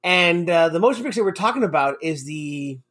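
A man's voice: a little high, animated, fairly quick, a bit bright. A man hosting a casual podcast chat, rambling and swearing often and going off on tangents. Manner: rambling, profane, goes off on tangents. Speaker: podcast host.

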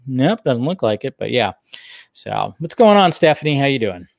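A man's voice: mid-range voice, very animated, normal speed, creaky, no echo, clean studio sound. A man hosting a casual live stream, rambling and chatty, with lots of fillers and restarts.

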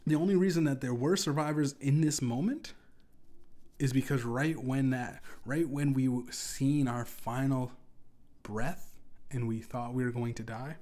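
A man's voice: mid-range voice, steady tone, a little slow, darkish tone. Rambling, profane young man telling a story. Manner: casual, profane, rambling with restarts. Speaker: podcast host. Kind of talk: deadpan comedic storytelling.

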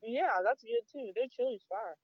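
A woman co-hosting a casual chat, answering in blunt, short, deadpan lines. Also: on the high side, moderate pace, no room sound, highs cut off. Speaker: podcast co-host.

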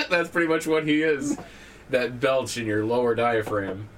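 Upbeat guy hosting a gaming podcast, bright voice, jokey and loud, faint room hiss. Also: mid-range voice, expressive, measured pace. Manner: loud, joking, laughs often. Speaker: podcast host. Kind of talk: casual gaming podcast chat.

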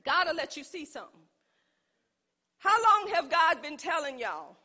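A woman preaching with a very high, bright, forceful voice. She calls out to her listeners and draws them into call-and-response. Her delivery swells into fervent emphasis. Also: sing-song, measured pace, pauses often. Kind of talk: sermon.

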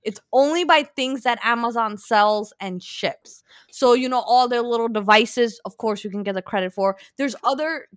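A woman telling a story in casual chat, animated and acting out both sides. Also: a little high, moderate pace, few pauses, dry recording, studio quality. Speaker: podcast co-host.

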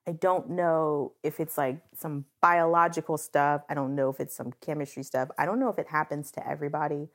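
A woman's voice: low voice, steady tone, fairly quick. A woman co-hosting a casual podcast chat, talking in an earnest, emotional way that comes close to tears. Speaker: podcast co-host.

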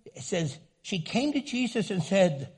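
Older pastor, husky voice pitched high, jokey and animated preaching. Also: male voice, unhurried. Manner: animated, humorous, acts out voices in quotes. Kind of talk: sermon.

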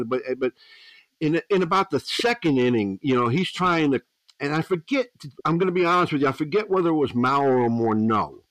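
A man, a veteran pitching coach, telling rambling stories as a podcast guest, with frequent restarts and 'you know's. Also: a bit bright, no room sound, low-quality recording. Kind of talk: storytelling podcast interview.

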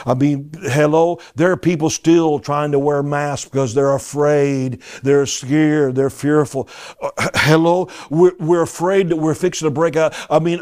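Emphatic preacher man, higher voice. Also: a little mellow. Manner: emphatic, exhorting, with repeated interjections to the audience. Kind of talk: sermon with scripture reading.

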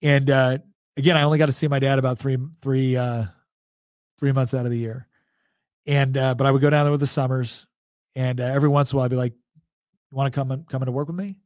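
A man's voice: mid-range voice, flat delivery, fast talker, no room sound. Chatty man in his forties, dry sound. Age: 40s. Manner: chatty, laughs often, restarts sentences. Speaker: podcast guest. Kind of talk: casual storytelling.

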